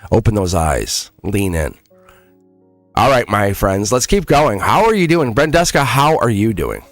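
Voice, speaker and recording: Over soft background music, with no room sound, a low-voiced man speaks unhurriedly as he runs a live tarot stream. This schoolteacher rambles through lively stories, restarting often, and earnestly, casually coaxes his viewers.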